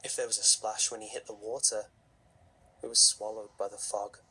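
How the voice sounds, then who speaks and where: A man reading a horror story aloud in a slow, measured, hushed narration with a husky voice. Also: lowish voice, flat delivery, low-quality recording.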